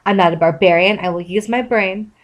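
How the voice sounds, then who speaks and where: A woman's voice: medium pitch, fairly quick, dull audio, close to an everyday voice. A woman reading as Captain Jack Sparrow. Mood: exasperated. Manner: reading aloud with a mild put-on voice. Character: swaggering pirate captain, male, short-tempered.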